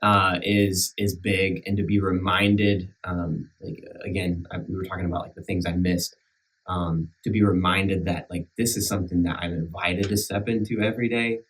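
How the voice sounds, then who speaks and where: A man with a country accent talks casually on a church podcast. His voice sits very low, and he circles back over his words with fillers and restarts. He is recorded at a slight distance from the mic. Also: little pitch movement. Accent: rural American country. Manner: halting, many restarts and fillers, earnest. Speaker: minister back from sabbatical.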